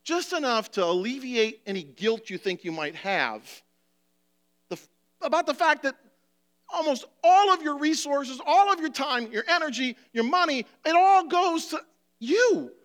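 A male preacher with a high, bright voice delivers a passionate, pleading sermon full of rhetorical questions. He is emotional and near tears. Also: lively intonation, a little slow.

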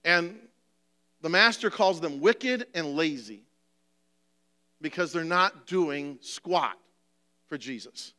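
A man's voice: a little high, expressive, slow, long pauses, pushed and bright. A male preacher delivering a sermon, passionate and pleading, asking rhetorical questions, emotional and near tears.

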